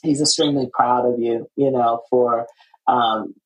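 A woman hosting a podcast, chatting in a casual interview with an animated, laughing manner and many fillers and restarts. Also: extremely low pitch, unhurried, rough recording. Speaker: podcast host.

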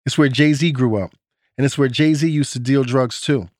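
A man's voice: medium pitch, steady tone, normal speed, darkish tone, no room sound, studio quality. A man with a New York accent, hosting a podcast with laid-back, slangy scripted narration. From Brooklyn, New York. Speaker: podcast host.

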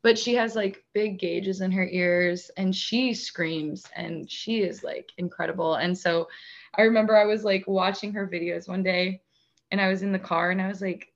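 A woman's voice: medium pitch, steady tone, moderate pace. Chatty woman, lo-fi sound. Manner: chatty, many "like" fillers, laughs often. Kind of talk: casual chat.

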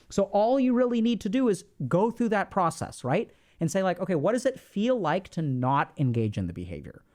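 Blunt, swearing therapist giving advice. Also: mid-range voice. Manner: blunt, swears, acts out sample dialogues. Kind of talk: casual advice talk to camera.

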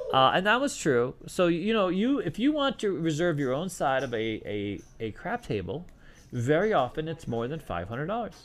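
A middle-aged man, a former craps dealer, answering questions and telling stories in a rambling, casual way full of fillers and restarts. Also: on the high side. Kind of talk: casual storytelling Q&A.

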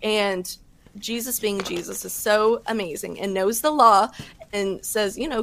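Earnest woman on a faith podcast talking fast with lots of likes and ums. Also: medium pitch, gravelly, a bit bright, slight background noise. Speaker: podcast guest. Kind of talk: faith talk, casual testimony.

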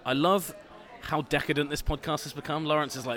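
A man's voice: fairly high pitch, fairly even intonation, brisk, a bit bright. A man co-hosting a podcast from a bar, teasing his friends with laughing, mock-outraged banter. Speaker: podcast co-host. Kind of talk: casual banter.

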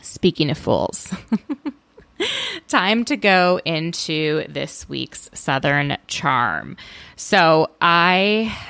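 Woman hosting a recap podcast, fry-heavy low voice, opinionated, kinda fed up. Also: sing-song, extremely slow, fairly bright tone, dry recording. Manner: opinionated, exasperated, chatty. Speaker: podcast host. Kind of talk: solo reality TV recap podcast.

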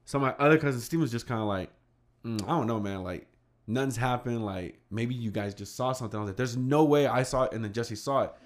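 A man's voice: medium pitch, fast. Young man telling a wild story. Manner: animated, swearing, acts out quotes. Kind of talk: casual storytelling among friends.

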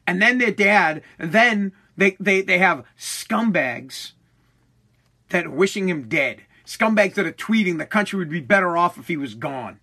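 A man from the United States rants at his followers in a high, bright and forceful voice. He swears freely and trips over his words as he goes, repeating himself and starting sentences again. His tone is impassioned throughout. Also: animated, a little slow. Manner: profane, impassioned, frequent restarts and stammers. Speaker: online commentator. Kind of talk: heated political rant to followers.

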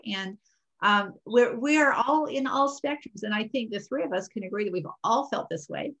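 A woman coaching in a casual conversation, calm and reassuring as she gives advice. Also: fairly high pitch, a little fast, poor audio.

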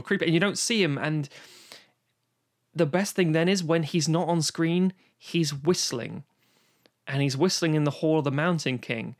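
A man's voice: fairly high pitch, moderate pace. A man co-hosting a podcast, chatting casually and enthusiastically about an old film, swearing freely and rambling with restarts. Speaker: podcast co-host. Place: home, recorded remotely during lockdown.

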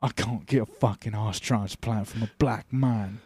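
A man's voice: on the low side, fairly even intonation, normal speed, a little mellow, husky, dry recording. A young Australian man co-hosting a comedy podcast, trading crude improvised jokes and slipping into put-on accents. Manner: slips into a mock British accent, lots of laughing. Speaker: podcast co-host.

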